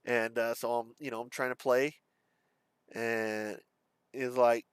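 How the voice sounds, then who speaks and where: A man telling a painful personal story on camera, halting and subdued, with many pauses and fillers. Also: mid-range voice, fairly even intonation, fairly bright tone, clean tone, dry recording. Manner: subdued and confessional. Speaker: vlogger.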